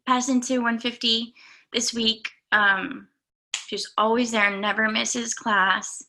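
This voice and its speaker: Gravelly, bright-voiced woman golf coach. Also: fairly high pitch, fairly even intonation. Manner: halting, many fillers, earnest and emotional. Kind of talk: speech to students.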